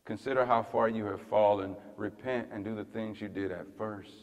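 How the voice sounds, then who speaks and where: Fiery pastor preaching in a reverberant hall. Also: male voice, fairly low pitch, fairly even intonation, moderate pace. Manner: swings between loud fiery preaching and hushed tender whispers. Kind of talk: sermon.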